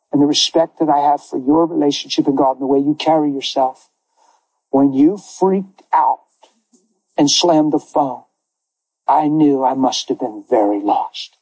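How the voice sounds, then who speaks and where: A man preaching as a pastor, telling a story with lively acted-out quotes and frequent laughter. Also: fairly high pitch, husky, no room sound, low-quality recording. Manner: animated, laughs often, acts out quoted voices. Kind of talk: sermon storytelling.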